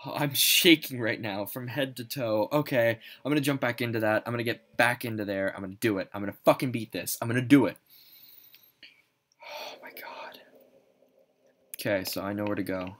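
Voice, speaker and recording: A young woman playing a horror game, panicky and swearing a lot, swinging from low mutters to high shrieks. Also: quick pace, few pauses, fairly bright tone. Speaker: gaming channel host. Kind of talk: horror game let's play commentary.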